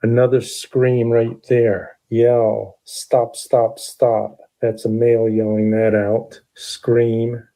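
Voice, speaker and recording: A man's voice: medium pitch, little pitch movement, takes it slowly, hardly any pauses, mellow. A man walking through an audio timeline as a true crime analyst, methodically listing sounds and timestamps.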